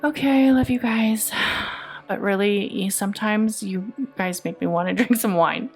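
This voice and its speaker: A woman's voice: medium pitch, unhurried, darkish tone, soft background music. A woman hosting a casual tarot reading podcast, bluntly scolding her listeners with heavy swearing and frequent laughter. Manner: blunt, profane, scolding tough-love talk; laughs often between lines. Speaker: podcast host and tarot reader.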